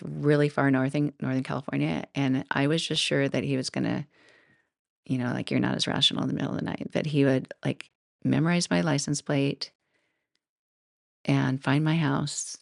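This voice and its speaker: A woman's voice: low-pitched, creaky, no room sound, clean studio sound. A middle-aged woman hosting her own podcast, telling personal stories in a rambling, casual way with frequent laughs and asides. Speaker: podcast host. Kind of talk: casual solo podcast talk.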